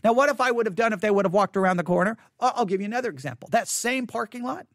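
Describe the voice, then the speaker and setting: A man's voice: high-pitched, very fast, fairly bright tone, no echo, studio quality. A middle-aged man preaching a sermon, telling a personal story candidly and repeating himself for emphasis.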